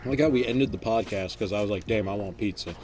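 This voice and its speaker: A young man with a slightly low voice, co-hosting a podcast. He talks casually and swears often, with dry, crude humor. Faint background music sits under his voice. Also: quick pace. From Birmingham, Alabama. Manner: crude, profane, dry joking. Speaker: podcast co-host. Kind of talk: casual chat.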